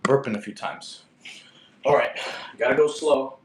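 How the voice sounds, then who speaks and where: A man chatting casually with his live-stream viewers while working out, excitable and a little out of breath. His voice sits at an ordinary middle pitch. The room is echoey, with a faint hum of background noise. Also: a little slow, recorded from a distance. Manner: excitable, breathless, laughing between attempts. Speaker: fitness streamer. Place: indoor room upstairs at home.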